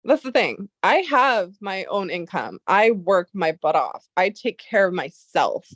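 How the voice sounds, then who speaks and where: A woman's voice: mid-range voice, sing-song, measured pace, a bit bright, no echo. A woman vlogging, telling a personal story in a casual, chatty way full of "like" and retold dialogue. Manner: chatty, full of "like" and quoted retellings. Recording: dull lo-fi audio.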